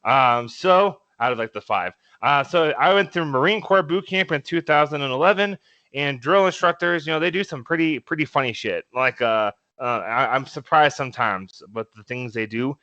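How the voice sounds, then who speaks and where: In a bright, forceful voice of medium pitch, a young male podcast co-host tells stories in a casual way at a moderate pace. He laughs often and fills his speech with fillers and restarts, and the recording is dry and muffled.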